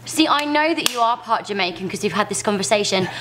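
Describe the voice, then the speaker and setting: A young woman co-hosting a casual group chat, teasing and quick-witted. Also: mid-range voice, expressive, noisy background. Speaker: co-host.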